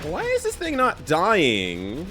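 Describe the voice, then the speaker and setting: A man's voice: high-pitched, wildly swooping pitch, slow, over music. A man chatting casually with his viewers while playing a game, laughing often. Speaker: streamer. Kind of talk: casual gameplay commentary.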